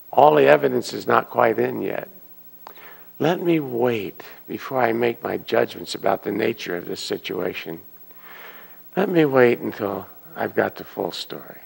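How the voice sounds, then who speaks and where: A man giving a Sunday sermon as a minister, telling stories and acting out the characters' excited voices. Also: mid-range voice, creaky, breathy edge. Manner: animated storyteller, acting out excited quoted voices. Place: church hall. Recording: long hall reverb.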